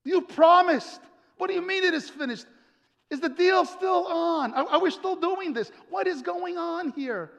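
A man voicing bewildered male disciples, anxious and pleading, with rapid, exasperated questions. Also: very high-pitched, gravelly, a bit bright, pitched above the performer's own voice, exaggerated voice. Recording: long hall reverb.

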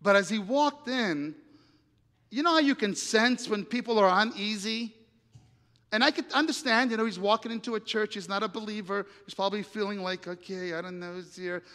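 High-voiced man telling a sermon story. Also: moderate pace. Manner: animated storyteller acting out dialogue, dramatic volume swings. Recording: reverberant hall.

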